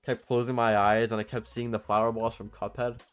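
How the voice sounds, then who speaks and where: A man's voice: mid-range voice, little pitch movement, brisk, clear, resonant tone, faint music behind. A young man co-hosting a podcast, chatting casually in a rambling, profane way with lots of fillers. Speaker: podcast co-host. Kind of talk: casual chat.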